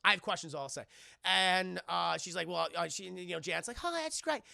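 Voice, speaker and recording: A man casually recapping a film for a live chat, animated and laughing as he acts out scenes. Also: high voice, a little fast, creaky, no echo, clean studio sound. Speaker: streamer reviewing a film.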